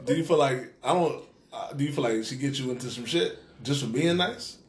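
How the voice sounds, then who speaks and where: A man in casual chat as a podcast co-host, laid-back, asking halting questions. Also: medium pitch.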